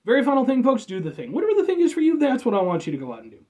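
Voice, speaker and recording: A man's voice: very high voice, huge pitch swings, racing, darkish tone. A man from the United States doing a casual, rambling drink review with jokes and offhand swearing.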